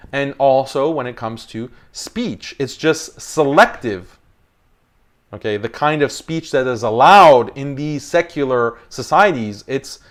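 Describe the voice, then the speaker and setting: A man of average pitch hosts a live-stream commentary. He argues his case with emphasis and hammers home key phrases by repeating them. His delivery is that of a forceful, argumentative speaker. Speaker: host.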